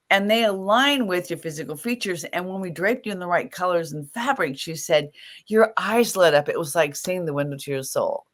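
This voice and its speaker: A middle-aged woman with a lower voice tells her own story in a relaxed interview. She is animated, laughs easily and slips into the voices of the people she quotes. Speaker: image stylist and guest.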